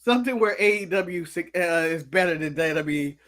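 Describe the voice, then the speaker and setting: American male co-host, high and bright, animated ranter, eats on mic. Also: brisk. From United States. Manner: animated ranting, snacking while talking. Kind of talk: casual live-stream chat.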